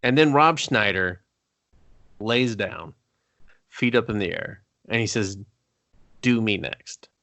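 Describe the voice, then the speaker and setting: Man, casual movie review chat, bright forceful voice, dry close sound, animated, laughs a lot. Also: fairly low pitch, slow pace, long pauses, no room sound. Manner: animated, swears freely, laughs often. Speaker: podcast co-host.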